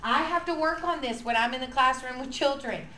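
A woman leading a lively, playful workshop for church preschool teachers. She acts out quotes and drops to a whisper to draw the room in. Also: high-pitched, fairly quick. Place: large hall with an audience. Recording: echoey room with faint noise.

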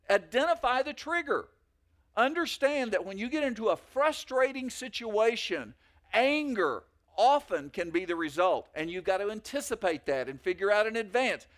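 High-voiced man preaching a sermon. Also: a bit bright. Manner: conversational preaching with anecdotes and fillers. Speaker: pastor.

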